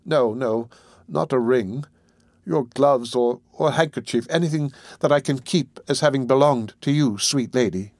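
A man's voice: medium pitch, measured pace, darkish tone, no room sound, studio quality. A man voicing a fearful young street woman in an audiobook reading, who talks in an agitated, hasty way with broken restarts. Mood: despairing. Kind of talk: audiobook character voice.

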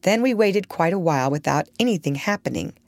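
A woman narrating a storybook with a low-set voice that swoops and lifts expressively. She is recorded close and dry, with no room sound. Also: animated, a little fast, no room sound. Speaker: audiobook narrator.

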